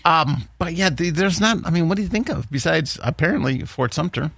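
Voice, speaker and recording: A man's voice: a little high, animated, brisk, creaky, a bit bright, dry recording, clean studio sound. A man hosting a morning show, chatting casually with lots of fillers and chuckles. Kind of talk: casual chat radio show.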